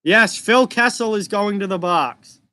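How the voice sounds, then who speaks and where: A young man with a mild Massachusetts accent talks casually through a live hockey reaction stream, breaking off to answer questions from the chat. His voice sits high and bright. The sound is dry and close. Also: a little slow, no room sound.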